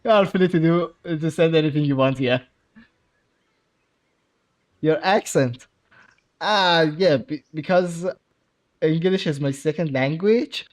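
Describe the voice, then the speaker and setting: A man's voice: a little high, slow pace, long pauses. A man from Iran with a Persian accent, his first language being Persian, chatting casually with his chat on a game livestream, laughing often and bantering playfully. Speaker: streamer.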